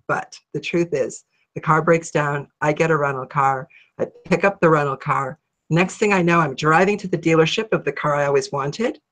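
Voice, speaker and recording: A middle-aged woman from Ohio, a guest in an interview, telling her story in a lively way and acting out her own thoughts. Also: sits low, moderate pace. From Ohio, USA. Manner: animated, acts out her own thoughts in a raised voice.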